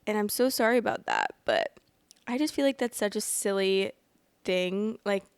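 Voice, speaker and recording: A woman chats casually on a story podcast, speaking close to the microphone in a dry, deadened space. Her voice has a crisp clarity and a slight vocal fry. She rambles and apologizes, fills her talk with "like", and sometimes yawns mid-sentence. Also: mid-range voice, very animated, normal speed, dry recording. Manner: rambling and apologetic, many fillers like "like"; often yawns while talking. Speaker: podcast host reading online stories. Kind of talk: casual chat and story reading.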